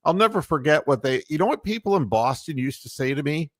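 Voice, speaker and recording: Brief: male sports-talk host, rambling and fired up, lively voice, dry close recording. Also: fairly high pitch, fast talker, dry recording. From Ohio. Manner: rambling, heated, full of fillers and mocking quotes. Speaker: podcast host.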